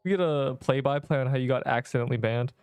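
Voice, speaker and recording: A man with a smooth, resonant voice at an everyday pitch, streaming a game and bantering with chat. He rambles and sounds exasperated, heavy on slang. The sound is dry and close. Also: quick pace, darkish tone, no echo, soft background music. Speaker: gaming streamer. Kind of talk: casual livestream chatter while playing.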